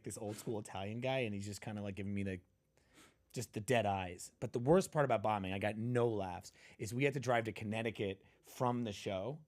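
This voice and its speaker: A male comedian guest, telling stand-up stories in a punchy, animated way and acting out the people in them. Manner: punchy storyteller, acts out quotes with big jumps in pitch. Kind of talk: animated storytelling chat.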